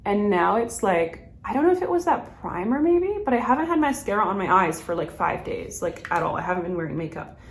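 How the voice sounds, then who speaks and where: A woman's voice: mid-range voice, big pitch swings, a little fast, hardly any pauses, reverberant. A woman, chatting through a makeup routine and rambling with lots of "like" and laughter. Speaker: beauty vlogger. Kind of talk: chatty get-ready-with-me.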